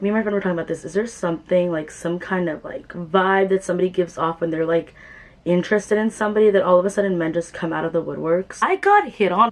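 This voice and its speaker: A young adult woman chatting casually while doing her makeup, rambling and filling her talk with "like". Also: mid-range voice. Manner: chatty, rambling, full of "like" fillers. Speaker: beauty vlogger.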